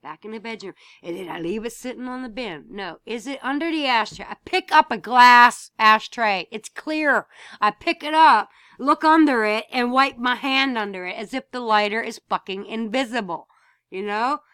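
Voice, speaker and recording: A woman's voice: a little high, normal speed, sharp tone, smooth, dry recording, studio quality. Blunt, swearing woman telling a home story. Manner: blunt, swears freely, repeats herself, rising to emphatic outbursts. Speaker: vlogger. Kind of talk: casual storytelling to camera.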